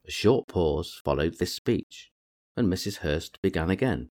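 A man narrating a classic novel aloud in a measured reading style. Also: deep voice, animated, darkish tone. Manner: measured reading with varied character voices. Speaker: audiobook narrator.

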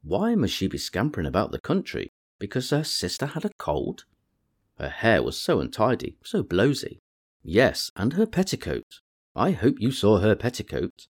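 A man's voice: on the low side, wildly swooping pitch, moderate pace, breathy edge, heavily acted. A man voicing a snobbish young society woman who mocks others. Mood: mocking. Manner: mocking, scornful.

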